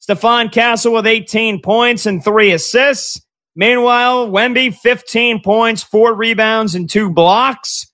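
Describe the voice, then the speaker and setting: A man in his thirties hosting a sports talk radio show, talking like an excitable, fast-talking fan. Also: very high voice. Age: 30s.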